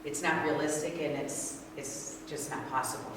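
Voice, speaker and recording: Brief: older woman workshop speaker, lowish voice, lively with the audience, distant mic in a big echoey hall. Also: moderate pace. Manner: animated, asks the audience questions. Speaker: speaker leading a parent workshop. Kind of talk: interactive talk to an audience. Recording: echoey hall from far off, noisy.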